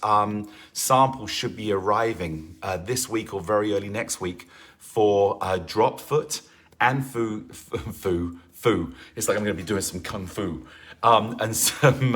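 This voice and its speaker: A man's voice: fairly low pitch, fairly bright tone. A man leading a livestream fitness class, chatting casually with viewers and greeting them by name, with lots of fillers. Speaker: fitness instructor.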